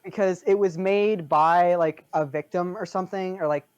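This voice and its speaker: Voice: medium pitch, fairly even intonation, moderate pace, smooth, dull audio. A podcast co-host in casual chat, rambling with lots of filler words and frequent laughter.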